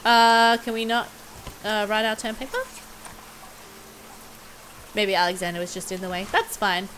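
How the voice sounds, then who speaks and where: A woman's voice: mid-range voice, level tone, moderate pace, fairly bright tone, a little hiss or hum. A young woman casually commenting on her gameplay, chatty and often giggling. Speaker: gameplay video host.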